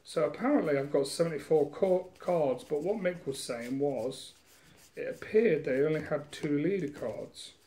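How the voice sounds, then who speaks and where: A man's voice: on the high side, lively intonation, moderate pace, warm tone. A man chatting casually through a game unboxing at home, rambling, self-mocking and swearing, recorded on a camera mic. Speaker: gaming vlogger.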